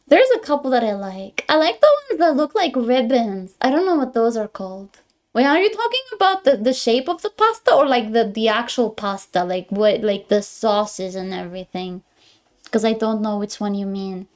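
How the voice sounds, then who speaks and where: A fairly high-voiced woman chats casually on a live stream, greeting viewers and answering their messages. She giggles often and speaks with a non-American English accent. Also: animated, moderate pace. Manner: chatty, giggly, reads chat aloud and greets viewers.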